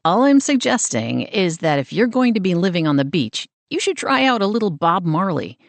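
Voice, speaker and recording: A woman's voice: fairly low pitch, very animated, moderate pace, dry recording. A woman doing a cocky, teasing young surfer guy. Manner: playful, smirking banter.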